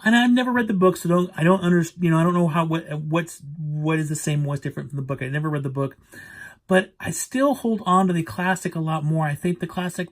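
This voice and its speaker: A man reviewing a horror movie remake in a casual vlog, rambling through the plot and backtracking to correct himself. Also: fairly high pitch. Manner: rambling, backtracking, retelling plots.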